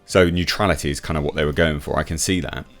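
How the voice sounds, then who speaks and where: An English YouTube reviewer reads out an article and mocks it in opinionated commentary, scoffing, laughing at what he reads and restarting often. His very deep voice is steady and fast, with faint music behind.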